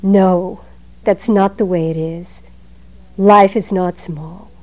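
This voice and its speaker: A woman giving a Zen dharma talk in a measured, emphatic way, letting her phrases trail off softly. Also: on the low side, fairly even intonation, poor audio.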